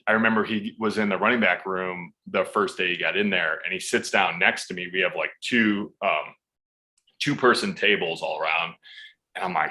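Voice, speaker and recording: A man's voice: low-pitched, sharp tone. A man in his thirties, a podcast guest telling laid-back stories that are full of swearing. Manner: laid-back, swears freely, acts out quotes. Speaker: podcast guest, football player. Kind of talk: casual storytelling.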